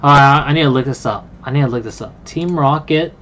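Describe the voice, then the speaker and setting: A card game streamer chatting casually on a live stream, excitable and quick to apologize to viewers. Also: mid-range voice, background noise. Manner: excitable, apologetic, talks to chat.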